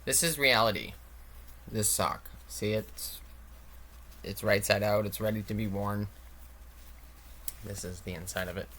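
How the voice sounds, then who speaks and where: A man's voice: lowish voice, fairly even intonation, measured pace, pauses often, fairly bright tone, slight background noise. A man reading out technical claims, then mocking them in a casual, sarcastic, swearing explanation. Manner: sarcastic, swears, reads text aloud then mocks it.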